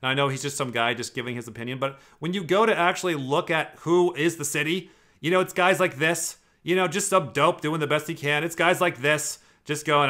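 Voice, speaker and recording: A man riffs through a casual commentary, rambling and dropping swear words as he goes. His voice is bright and forceful, pitched a little high, and he talks very fast. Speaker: host.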